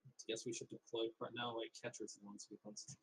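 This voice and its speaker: Fast-talking joking man at game night. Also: mid-range voice, sing-song, gravelly, fairly bright tone, slightly rough, rough recording. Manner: joking, thinks aloud about tactics. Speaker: tabletop game player. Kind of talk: casual game chat over voice call.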